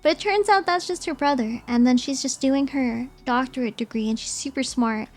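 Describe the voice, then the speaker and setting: A woman's voice: high voice, normal speed. A young woman streamer chatting casually and rambling as she ranks movies, often giggling.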